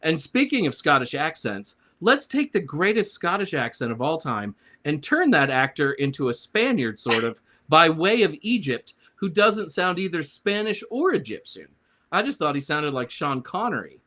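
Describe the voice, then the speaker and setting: A man's voice: a little high, very animated, normal speed, sharp tone. Sarcastic man reading a comic rant. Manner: sarcastic, grumbling. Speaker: panelist. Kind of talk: reading a prepared comic review.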